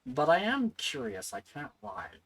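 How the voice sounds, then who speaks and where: A woman's voice: deep voice, very animated, measured pace, a bit bright, breathy edge, low-quality recording. A woman streaming a video game, chatting casually and playfully with viewers in a self-mocking way.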